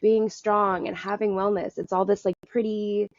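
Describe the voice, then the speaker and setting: Woman guest rambling candidly, low gravelly voice, dry dull lo-fi sound. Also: level tone, moderate pace, a little mellow, no room sound. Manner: candid and rambling, laughs at herself. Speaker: podcast guest. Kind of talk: candid conversational storytelling.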